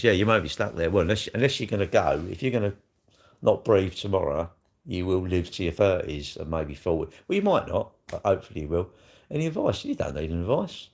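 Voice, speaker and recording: A middle-aged man, rambling bluntly and crudely in a casual livestream chat, tossing in tag questions as he answers comments. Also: low voice. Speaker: livestream host.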